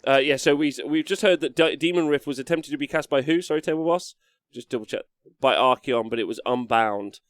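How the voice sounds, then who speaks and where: Male commentator, relaxed and chatty, dry studio sound. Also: mid-range voice, a little fast, dry recording. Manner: casual, chatty, many fillers. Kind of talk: live tabletop game commentary.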